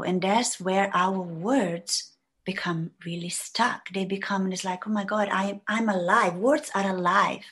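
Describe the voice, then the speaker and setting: Husky-voiced woman musing in a rambling way. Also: mid-range voice. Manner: rambling, reflective, many fillers. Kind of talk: casual conversation.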